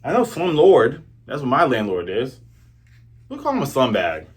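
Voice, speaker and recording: A man reviewing a comic in casual commentary, animated, joking and acting out the characters. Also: mid-range voice, normal speed, slightly rough. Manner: animated, jokes and acts out characters.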